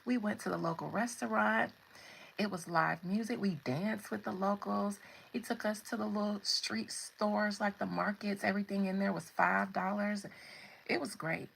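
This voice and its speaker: A woman's voice: medium pitch, a little slow, gravelly, fairly bright tone, a little hiss or hum, poor audio. A woman hosting a casual tarot livestream, chatting with viewers and laughing often. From United States. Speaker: tarot reader and livestream host.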